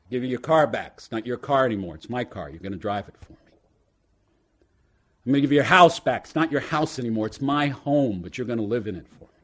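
A man's voice: medium pitch, expressive, quick pace, close to an everyday voice. God as a sly haggler, put on by a man. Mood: solemn. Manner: mock-apologetic, stammering haggler. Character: God, bemused haggling male deity.

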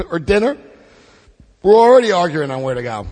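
A man's voice: sits high, sing-song, moderate pace, darkish tone, long reverb tail. A man leading a twelve-step study group, reading passages aloud and adding blunt, joking asides. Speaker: recovery workshop leader.

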